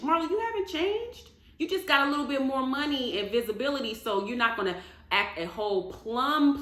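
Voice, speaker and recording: A woman giving casual reaction commentary on a reality show, animated and indignant as she rants. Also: mid-range voice. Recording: echoey room.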